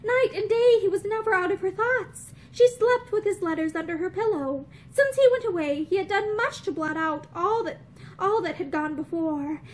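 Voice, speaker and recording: A young woman reading a novel aloud with expressive, lively storytelling. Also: extremely high pitch, moderate pace, low-quality recording. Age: young adult. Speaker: audiobook reader. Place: indoors, room with bookshelves.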